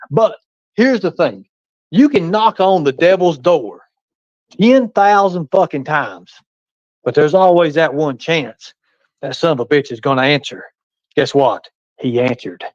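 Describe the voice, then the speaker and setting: A man's voice: medium pitch, dry recording, lo-fi sound. A man hosting a live stream, talking in a boastful, menacing way and swearing freely. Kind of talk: heated live stream talk.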